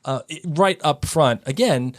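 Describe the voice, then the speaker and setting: A man's voice: fairly high pitch, unhurried, no echo, clean studio sound. A man co-hosting a podcast in casual chat, enthusiastic and rambling with many restarts. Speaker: podcast co-host.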